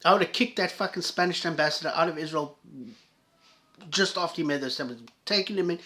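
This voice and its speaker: A man with a fairly high voice delivers an angry, profanity-laced commentary. He swings between loud outbursts and low, sarcastic muttering. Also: fast. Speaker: commentator reacting to videos.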